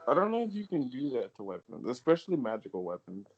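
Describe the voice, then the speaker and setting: A man's voice: medium pitch, big pitch swings, fast talker, a little mellow, soft background music. Young guy playing a tabletop game, grumbly and laughing, muffled lo-fi mic. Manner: exasperated, laughing, swears casually. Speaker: player. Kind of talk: casual tabletop play.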